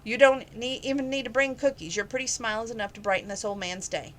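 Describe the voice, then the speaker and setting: A man's voice: extremely high pitch, fast, fairly bright tone. A woman reading aloud, voicing a kindly old man who teases fondly in a folksy way. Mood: warm teasing. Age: older. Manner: folksy, teasing.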